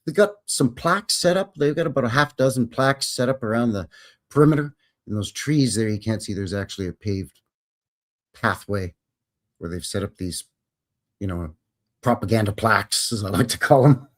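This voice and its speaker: A man's voice: on the low side, moderate pace. A Canadian man hosting a live stream in a folksy, jokey, casual way. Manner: folksy, jokey, greets viewers by name. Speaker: host.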